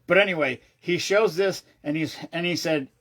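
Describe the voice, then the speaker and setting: Husky guy with a higher voice rambling through a story, swears a lot, keeps restarting. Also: normal speed. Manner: excitable, swears freely, trails off and restarts. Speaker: vlogger.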